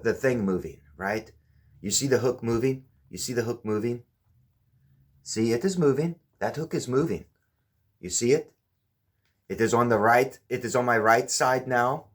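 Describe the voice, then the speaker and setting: A man giving a casual hands-on explanation with objects, often stopping to ask the viewer whether they see it. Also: medium pitch. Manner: keeps checking with the viewer, repeating "do you see". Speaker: presenter demonstrating with objects.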